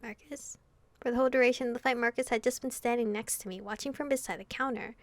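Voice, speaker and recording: A young woman hosting a gaming video, reading a visual novel aloud with animated, laughing asides. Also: fairly high pitch, quick pace, no echo. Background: game music.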